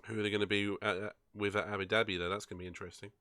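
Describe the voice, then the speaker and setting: A man chatting casually while playing a racing game on a live stream, excitable and quick to laugh. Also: lowish voice, clean tone, no echo. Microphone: far from the microphone.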